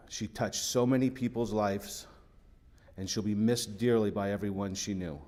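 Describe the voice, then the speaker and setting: A man giving a funeral eulogy for his sister, halting and emotional, repeating words. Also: lowish voice, steady tone, a little mellow. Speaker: eulogist, sibling of the deceased.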